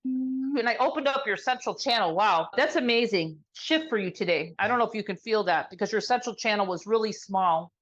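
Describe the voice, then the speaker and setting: Woman healer on a call, slow soothing talk, kinda muffled audio. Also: medium pitch, animated, fairly bright tone. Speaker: sound healer. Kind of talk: guided energy healing session.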